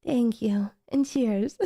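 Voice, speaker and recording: High, mellow-voiced gushing woman streamer. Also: very slow. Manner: effusive, repeating thanks over and over; gushing and emotional. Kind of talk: reaction stream chat.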